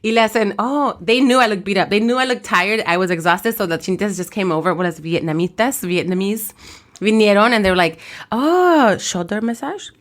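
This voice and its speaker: A woman with a Mexican-American accent, co-hosting a podcast, telling stories in slangy English mixed with Spanish, tired and lower-voiced than usual. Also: a little fast. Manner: slangy, animated storyteller. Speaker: podcast co-host. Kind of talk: casual chat mixing English and Spanish.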